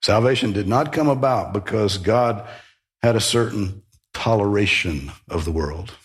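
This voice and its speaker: A man's voice: lowish voice, unhurried. A man preaching a sermon, emphatic, with rhetorical questions and sudden rises in emphasis. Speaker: pastor.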